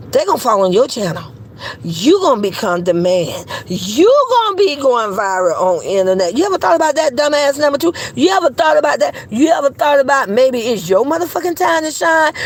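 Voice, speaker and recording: High-voiced woman giving blunt, profane gossip commentary. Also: slight background noise, rough recording. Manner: blunt and profane, fires rhetorical questions; repetitive, calls people insulting names. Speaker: gossip commentary channel host.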